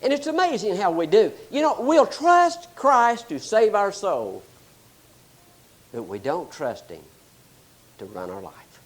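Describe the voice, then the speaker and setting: A man preaching a sermon, explaining scripture and telling animated stories. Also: high voice, a little slow, pauses often. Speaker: pastor.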